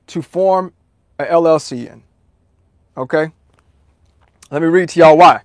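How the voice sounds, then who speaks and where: Profane, animated man talking to his chat. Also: fairly high pitch, a little slow, pauses often, no room sound, clean studio sound. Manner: profane, animated, repetitive, addresses chat directly. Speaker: livestream host answering chat. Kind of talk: casual livestream talk.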